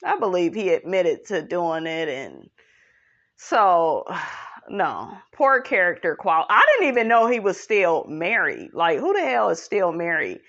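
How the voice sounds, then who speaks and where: A woman's voice: big pitch swings, unhurried, a bit bright. A woman giving blunt, sassy and profane celebrity gossip commentary as a vlogger. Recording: dull low-fi audio.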